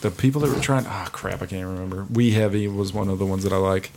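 A man's voice: low-pitched, steady tone, fast talker, creaky, a little mellow, slight background noise. A man co-hosting a casual podcast, talking in a laid-back, candid, joking way. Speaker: podcast co-host. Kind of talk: casual chat.

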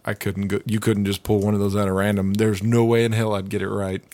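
Low-voiced man, dry close sound. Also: level tone, fast talker, darkish tone, no echo. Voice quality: loose and profane, with laughing asides. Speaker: podcast co-host. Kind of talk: casual chat.

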